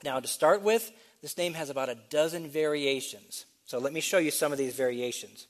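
A man's voice: fairly high pitch, normal speed. A man, a pastor, teaching a sermon in an explanatory way, spelling out letters and posing questions he then answers.

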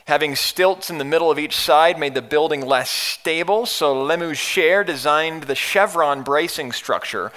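Bright-voiced man preaching a sermon. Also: on the high side, a little slow, few pauses. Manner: conversational preaching, occasional restarts. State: deep morning voice. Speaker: pastor.

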